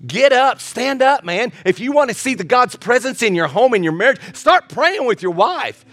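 High-voiced man preaching a sermon. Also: very animated, normal speed, dry recording. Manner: preaching with humor and dramatic swings from loud to soft. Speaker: pastor.

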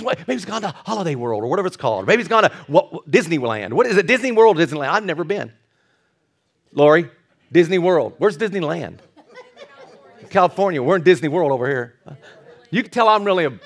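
A male pastor preaching a sermon, telling a Bible story with animated, acted-out quotes. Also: on the high side.

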